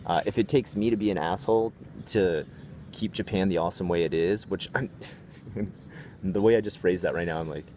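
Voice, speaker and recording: A man's voice: sits low, moderate pace, slight background noise. A man vlogger telling a story in a casual, profane, rambling way. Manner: profane, rambling, animated retelling.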